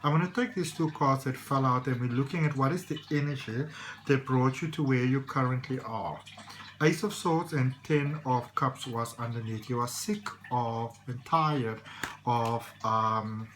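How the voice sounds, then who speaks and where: A man's voice: medium pitch, measured pace, fairly bright tone, a little hiss or hum, poor audio. A man giving a casual tarot reading, rambling and reassuring with many fillers. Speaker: tarot reader.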